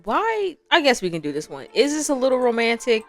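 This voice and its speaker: Brief: young woman, gameplay commentator, lively pitch, chatty, quick to laugh. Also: creaky, faint music behind. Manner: chatty, laughs often, acts out quotes. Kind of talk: casual game commentary.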